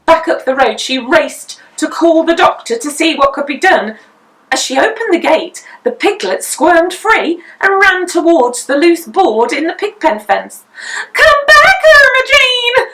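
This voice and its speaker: Reading a picture book aloud, a storyteller uses an expressive, sing-song delivery in a high-pitched voice. She is unhurried and a little distant from the microphone.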